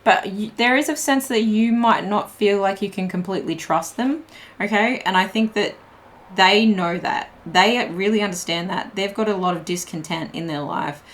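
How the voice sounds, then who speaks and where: A woman's voice: mid-range voice, moderate pace. A young woman giving a casual tarot reading, chatty and full of fillers, laughing often as she talks. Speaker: tarot reader.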